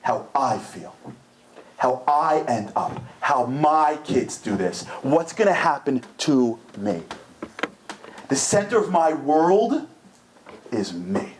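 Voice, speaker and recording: A man giving an inspirational lecture at a community center, animated and acting out voices with big jumps in pitch. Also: slow pace, a little hiss or hum.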